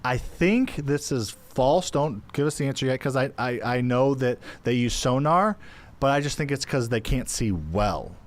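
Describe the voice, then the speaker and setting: A male co-host with a medium-pitched voice, chatting loosely on an investing podcast. He jokes, reasons out loud and drops the odd swear word in a relaxed, unscripted way. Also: normal speed. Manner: loose and joking, thinks out loud, swears casually. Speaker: co-host of a real estate investing show. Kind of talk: casual podcast chat.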